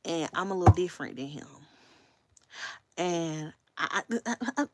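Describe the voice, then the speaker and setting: A woman's voice: on the low side, lively intonation, normal speed, a bit bright, no echo. A woman hosting a casual livestream, chatting candidly with her viewers and swearing freely. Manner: talks straight to viewers. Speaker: livestream host.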